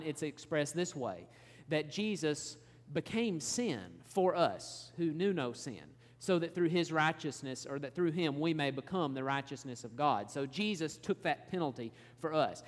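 A man preaching a sermon, explaining scripture in an earnest, measured teaching manner. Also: fairly high pitch. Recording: long hall reverb.

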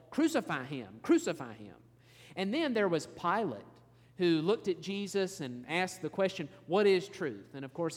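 A man preaching a sermon, explaining scripture in an earnest, measured teaching manner. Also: a little high. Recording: long hall reverb.

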